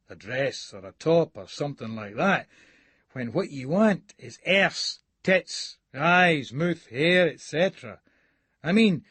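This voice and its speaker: Scottish male reader, crude and sneering first-person narration, mid pitch, dry sound. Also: husky, no echo. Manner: coarse, profane, sneering. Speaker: audiobook narrator.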